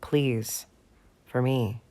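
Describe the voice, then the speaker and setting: A man voicing a calm young man gently talking a friend through panic in an audiobook. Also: mid-range voice, extremely slow. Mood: soothing. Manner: gentle, reassuring.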